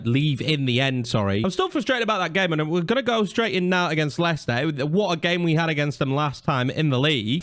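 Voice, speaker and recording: A young man commentating his own football video game career mode, reacting loudly to saves and misses. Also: medium pitch, no room sound. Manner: excitable, swings between groans and shouts at the play. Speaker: gaming YouTuber.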